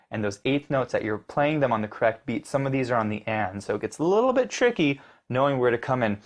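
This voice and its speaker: A man teaching piano, explaining rhythm step by step with encouragement and counting the beats aloud. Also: mid-range voice. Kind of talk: instructional lesson. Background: piano playing.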